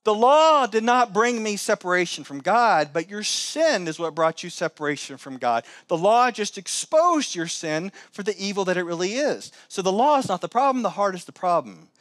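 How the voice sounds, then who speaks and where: A man preaching a sermon as pastor, swinging between loud, high exclamations and low, quiet asides. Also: very animated, moderate pace, hardly any pauses, dry recording, clean studio sound. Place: church sanctuary.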